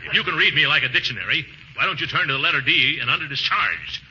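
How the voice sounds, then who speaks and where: An actor playing a pompous, easily flustered middle-aged uncle, blustering in 1940s radio comedy style, with sudden high whoops. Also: male voice, animated, fast talker, pushed and bright. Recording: scratchy dull 1940s radio broadcast with faint hiss.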